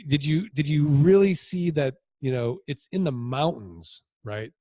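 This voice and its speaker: A man being interviewed as a land investor, telling stories in a casual, animated way with lots of quoted dialogue. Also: fairly high pitch, measured pace, no echo. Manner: animated anecdotes with voiced quotes.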